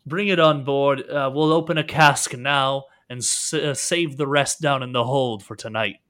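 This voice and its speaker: A man doing a commanding pirate captain who barks short, gruff orders. The voice rings bright and forceful, and the captain is stern and sure of his crew. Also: medium pitch, normal speed, natural voice. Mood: boastful.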